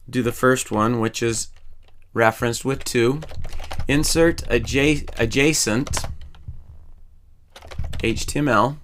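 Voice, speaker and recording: A male instructor talks through a screen-recorded coding lesson, narrating every step as he goes. His voice has a bright, forward edge and sits at an ordinary middle pitch. He keeps a calm, methodical pace. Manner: calm, methodical, explains each step while typing. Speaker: programming instructor.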